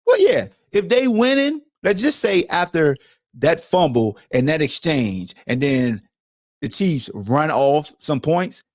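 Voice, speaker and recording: A man's voice: a little high, dry recording, studio quality. A man hosting a sports podcast, ranting in a casual, profane, lecturing way. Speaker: podcast host. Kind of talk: casual sports commentary rant.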